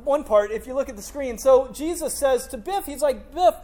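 Mellow-voiced preacher telling a joking story. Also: high-pitched, moderate pace. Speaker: pastor. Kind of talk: sermon. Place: church in front of a congregation.

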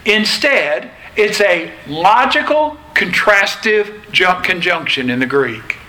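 A man preaching a sermon in a slow, deliberate way, pausing between phrases. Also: sits high, expressive, sharp tone, low-quality recording. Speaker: pastor.

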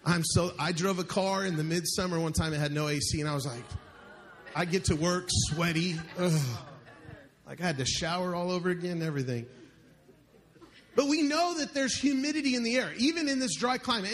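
Man, pastor, high voice, live church sermon, joking, asks the congregation questions. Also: lively intonation, fast, a bit bright.

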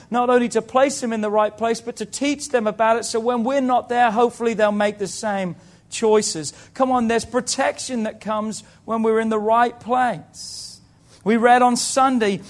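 A man preaching a sermon as pastor, calling out to the congregation and acting out the people in his stories. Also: very high-pitched. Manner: preaching with call-outs to the congregation; tells stories and voices the people in them.

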